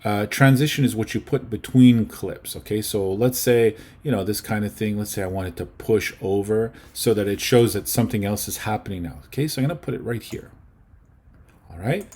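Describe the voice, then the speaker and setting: Husky-voiced man teaching a class. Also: fairly low pitch, normal speed, darkish tone. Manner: chatty, checks in with okay and right. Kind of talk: casual video-editing lesson.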